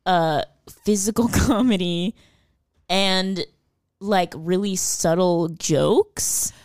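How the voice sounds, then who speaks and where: A woman's voice: lowish voice, drawn-out words, no room sound, clean studio sound. A young woman co-hosting a casual film podcast, laughing often and swearing casually. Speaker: podcast co-host.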